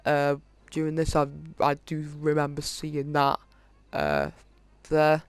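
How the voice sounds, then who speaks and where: A man hosting a gaming video, casually reading through a list of in-game items with many halting fillers. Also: a little high, very animated, smooth, no echo. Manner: reads off item lists, halting with frequent fillers. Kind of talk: casual game walkthrough commentary.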